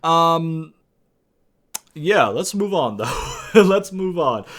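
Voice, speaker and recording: A man's voice: fairly high pitch, big pitch swings, drawn-out words, a bit bright. A young man giving a rambling, exasperated rant reviewing a wrestling show, swearing often and restarting his sentences.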